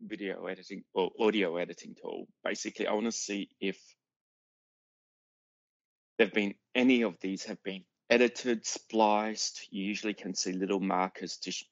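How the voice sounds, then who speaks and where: A man's voice: fairly low pitch, steady tone, moderate pace, gravelly, dry recording, muffled recording. A man playing a tabletop game over an online call, matter-of-fact and methodical. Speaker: player.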